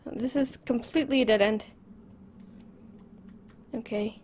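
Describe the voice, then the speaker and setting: A woman commenting on a horror game as she plays it, close to a desk microphone, nervous and repeating words in quick bursts. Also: on the high side, steady tone, darkish tone, slight background noise. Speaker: gameplay commentator.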